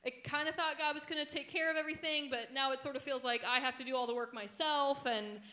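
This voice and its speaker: Woman sharing a sermon, high bright voice, chatty and explaining. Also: fairly even intonation, fast. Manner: conversational teaching, acting out quoted thoughts.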